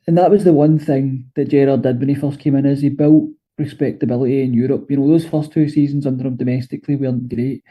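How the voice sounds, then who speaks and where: A man's voice: mid-range voice, mellow, husky, rough recording. A Scottish man co-hosting a football podcast, talking casually and hesitantly, with many fillers and restarts. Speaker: podcast co-host.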